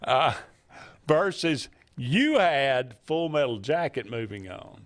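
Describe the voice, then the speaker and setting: A man hosting a casual sports talk radio show, bantering with a co-host and often pausing on fillers. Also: medium pitch, very animated.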